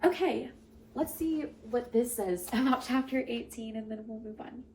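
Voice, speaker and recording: An earnest young woman with a fairly high voice reads scripture aloud, then reflects on it in a chatty, heartfelt way. A faint hiss of room noise sits under her voice. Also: moderate pace, a little mellow, low-quality recording. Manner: earnest, emotional, chatty asides with "like". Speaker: Bible reading host.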